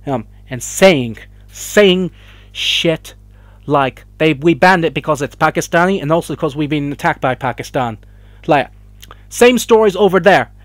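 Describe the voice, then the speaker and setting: A young male vlogger with a slightly high voice and lively intonation speaks a bit slowly, ranting emotionally to camera with heated opinions. He swears and rambles as he gets worked up. The recording is dry.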